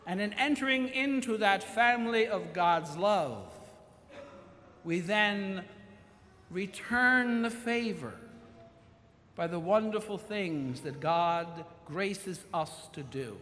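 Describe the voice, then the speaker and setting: A male pastor preaching a sermon in a large church, slow and emphatic, stretching out key words. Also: high-pitched, expressive, a bit bright. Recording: long church reverb, faint room noise.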